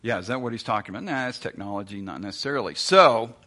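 A man's voice: fairly low pitch, expressive, quick pace, bright, forceful tone. A man preaching a sermon as pastor, in a conversational, emphatic way full of rhetorical questions.

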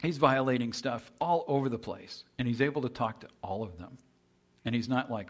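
A man preaching a sermon, telling a story with vivid quoted voices, swinging between loud emphasis and hushed near-whispers. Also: medium pitch, moderate pace. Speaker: pastor.

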